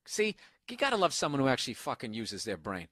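A man's voice: medium pitch, huge pitch swings, quick pace, a bit bright, no room sound, clean studio sound. A man hosting a comedic podcast from a hotel room on a single microphone, reading out a listener email in a profane, sarcastic rant. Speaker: podcast host. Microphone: single microphone, no headphones.

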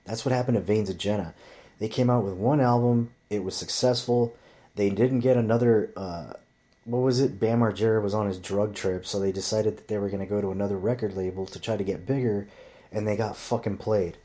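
A man's voice: on the low side, steady tone, a little fast, mellow. A man telling rambling stories in casual chat, swearing constantly as he talks. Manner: profane, rambling storyteller.

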